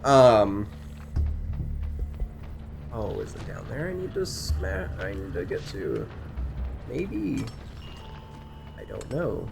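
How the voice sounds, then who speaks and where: A man's voice: on the low side, big pitch swings, takes it slowly, vocal fry, pauses often, noisy background. A young man in casual chat, animatedly retelling a story with asides and swearing while gaming. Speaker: co-host.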